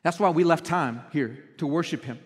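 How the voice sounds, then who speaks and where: A pastor with a high-pitched voice preaches straight to his congregation. He is earnest and questioning, and his words ring out through a long, echoing church hall. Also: normal speed, breathy edge. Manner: earnest, direct address to the congregation with rhetorical questions. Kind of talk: sermon. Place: church auditorium.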